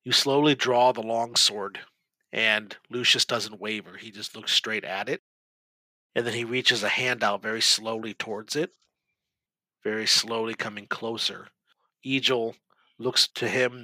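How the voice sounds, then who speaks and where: A man as game master, narrating a tabletop game scene with vivid, steady description. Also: medium pitch, measured pace, dry recording, low-quality recording.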